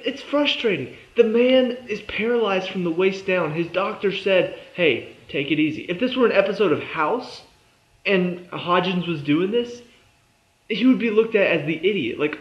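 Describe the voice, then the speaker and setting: A young man giving a casual, exasperated review of a TV episode, sarcastic and fond of mimicking the characters. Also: a little high. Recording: echoey room, dull lo-fi sound.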